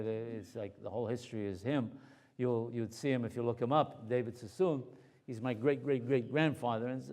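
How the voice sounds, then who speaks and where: A man speaking as a rabbi, telling anecdotes to an audience in a lively way, full of asides and repeated words. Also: mid-range voice. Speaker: rabbi and lecturer. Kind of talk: storytelling talk to an audience.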